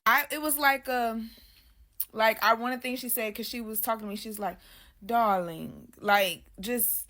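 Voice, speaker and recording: A woman's voice: on the high side, steady tone, brisk, sharp tone. A woman as a guest, casually telling her own story in loose, slangy speech and often addressing listeners as "y'all".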